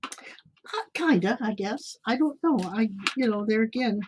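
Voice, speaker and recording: A woman's voice: on the high side, animated, unhurried, background noise. A woman co-hosting a live psychic call-in show, chatting casually, laughing easily and reading affirmations aloud. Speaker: psychic radio co-host. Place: home studio, seen on camera in hat and glasses.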